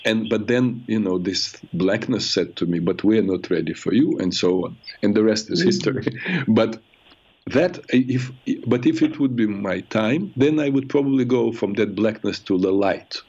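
A man hosting a call-in advice show, speaking earnestly and reflectively with frequent halting restarts. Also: lowish voice, a little mellow. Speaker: radio show host and therapist. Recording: muffled radio broadcast sound.

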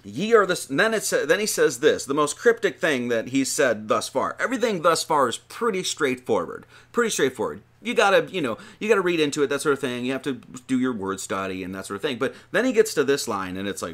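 A very animated preacher with a medium-pitched, slightly bright voice talks fairly quickly in an informal sermon. He reads scripture aloud, comments on it conversationally, and keeps restarting and stressing points in lists.

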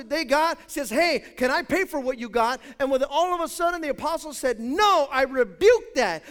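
A man preaching a sermon as pastor, emphatic and speaking straight to his congregation, moving between quiet asides and loud declarations. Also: extremely high pitch.

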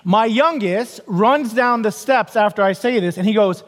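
Preaching a sermon in a church sanctuary, a middle-aged male pastor with a strikingly high voice speaks at normal speed while a long reverb carries his words. He tells stories using quoted voices and wry, self-deprecating humor.

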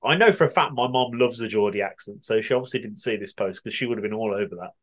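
Reading listener answers on his podcast, this English host from the West Midlands keeps things chatty and giggly, laughing and cursing often. His voice is on the low side and a bit bright, and he talks quickly.

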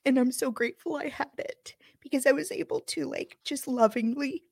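A middle-aged woman co-hosting a podcast, telling a personal story in an emotional, animated way. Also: high voice, normal speed, creaky, no room sound, clean studio sound. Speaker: podcast co-host. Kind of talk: casual chat.

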